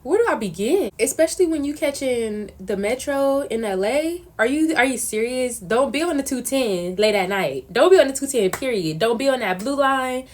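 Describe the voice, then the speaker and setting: A young woman answering questions in a casual vlog, telling stories in an animated, slangy way. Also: sits high, moderate pace, few pauses. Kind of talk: casual chat.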